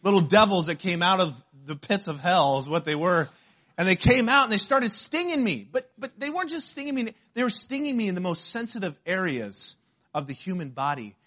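A man, a pastor, preaching a sermon and telling a story from his own life in an animated way. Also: high voice, fairly quick. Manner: animated storytelling, shouts when acting out pain.

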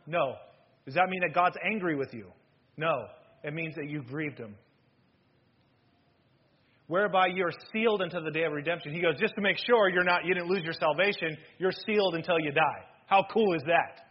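A man, a pastor, preaching a sermon in a church, animated and swinging between loud bursts and hushed asides. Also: on the high side, moderate pace, husky, lo-fi sound. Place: church sanctuary.

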